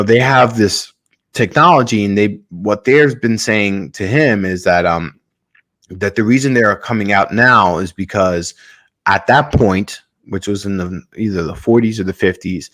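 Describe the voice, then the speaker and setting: A podcast host tells a long story in casual, rambling talk. His voice sits a little low for a man. He fills his sentences with ums and drops the odd swear word along the way.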